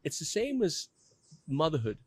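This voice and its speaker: A man in his fifties tells a personal story as a podcast guest, earnest and animated. His voice sits a little high, and the sound is close and dry, with no room around it. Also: moderate pace, slightly rough, no echo.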